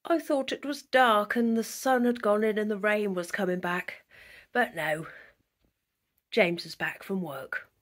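A woman's voice: mid-range voice, measured pace. Woman vlogger, leisurely chatty delivery, self-deprecating. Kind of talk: casual vlog chat. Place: outdoors and at home.

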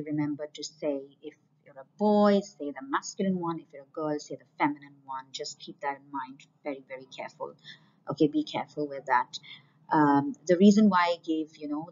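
Woman, French teacher, lowish voice, patient repetition, beginner lesson, dull lo-fi sound. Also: darkish tone. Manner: slow, repeats each French word for pronunciation. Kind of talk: online language lesson.

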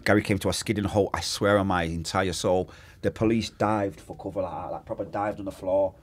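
Man, Manchester accent, podcast guest, rapid lively storytelling, street slang, deep voice, dry close sound. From Manchester, England. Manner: vivid storyteller, acts out quotes and makes gunshot sounds; street slang, swears oaths. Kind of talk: casual storytelling interview.

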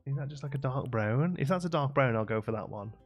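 A man's voice: medium pitch, animated, fast, soft background music. A man chatting with viewers during a late-night live game stream, thinking aloud and laughing often.

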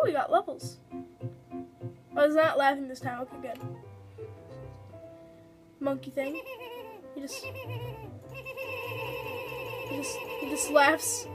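A young woman giving excitable, giggly let's-play commentary on a game, chatting to her viewers as she plays. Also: high voice. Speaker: gaming video host.

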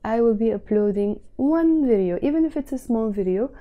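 A young woman with a Lebanese accent, explaining phrases slowly and carefully in a casual vlog lesson. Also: on the high side, expressive, narrow, tinny audio. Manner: slow careful word-by-word explanations. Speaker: Arabic teacher.

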